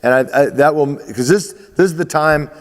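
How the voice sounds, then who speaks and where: A man's voice: fairly high pitch, moderate pace, in a large hall. A man, a baseball coach, giving emphatic advice to athletes, often repeating himself and restarting phrases.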